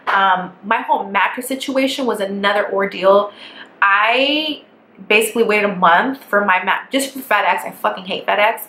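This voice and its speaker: A young woman telling a casual storytime vlog, animated and profane, exasperated as she recounts her ordeal. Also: medium pitch, normal speed. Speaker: vlogger. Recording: echoey room with faint background hiss.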